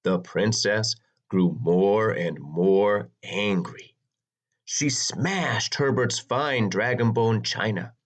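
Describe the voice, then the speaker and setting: A man narrating a children's storybook in an expressive, dramatic reading. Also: takes it slowly. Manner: expressive, sweeping pitch for drama.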